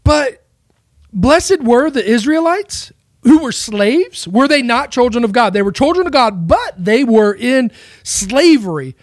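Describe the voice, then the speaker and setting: A man's voice: very high-pitched, animated, measured pace, dry recording, studio quality. A man giving a casual, rambling monologue on faith, with many rhetorical questions. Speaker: Christian speaker.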